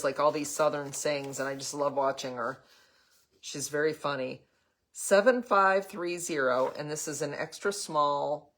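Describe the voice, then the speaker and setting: A woman's voice: low voice, fairly bright tone. An older woman hosting a casual live craft demo, chatting with viewers, rambling with frequent ums and the odd cough. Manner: chatty, answers viewer comments as she goes. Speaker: craft host.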